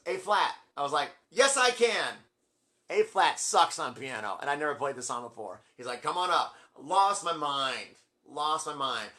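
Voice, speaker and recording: A middle-aged man telling a long, rambling story on his video blog, acting out quotes with big jumps in his voice. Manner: excitable, acts out quotes with big pitch jumps. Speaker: music vlogger.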